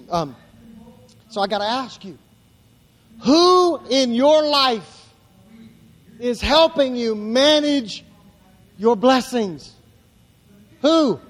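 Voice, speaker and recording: High-voiced man preaching in a reverberant hall. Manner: preaching with rising emphatic builds and repetition. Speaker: pastor. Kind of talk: sermon. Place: church.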